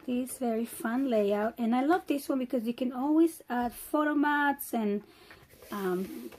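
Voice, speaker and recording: A woman with a hoarse, fading voice, chatting her way through a step-by-step crafting tutorial. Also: a little high, darkish tone. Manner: chatty, unhurried, talks while working. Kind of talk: casual step-by-step craft demonstration.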